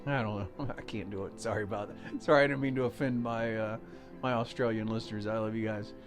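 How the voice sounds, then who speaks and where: A man's voice: lowish voice, steady tone, fast, faint music behind. An American man hosting a solo podcast, chatting casually and walking listeners through simple numbers step by step. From United States. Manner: chatty, folksy, explains step by step with fillers. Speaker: podcast host.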